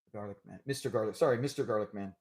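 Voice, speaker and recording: A man's voice: lowish voice, racing, darkish tone. A man hosting a live trivia stream, talking in a chatty, upbeat way and laughing often. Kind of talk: casual live-stream chat.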